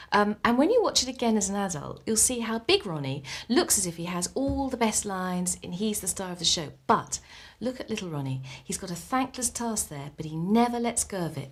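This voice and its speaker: A woman presenter introducing a comedy sketch with enthusiasm. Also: medium pitch. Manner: warm and enthusiastic about the sketch.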